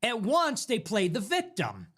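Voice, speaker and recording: A man's voice: high voice, huge pitch swings, a little slow, fairly bright tone. A man in a played clip giving heated commentary and acting out quotes from his opponents.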